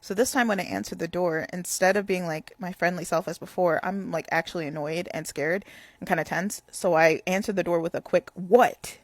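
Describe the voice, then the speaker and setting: Young woman rambling thru a storytime, lots of "like", kinda low voice, dry close sound. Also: fairly quick, no room sound. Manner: rambling, full of "like" fillers. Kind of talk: casual storytime.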